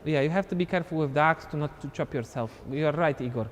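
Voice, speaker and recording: A man's voice: a little high, quick pace, big-room sound, lo-fi sound. A man teaching a live online dance class, counting beats and scatting the steps aloud as he demonstrates. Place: dance studio.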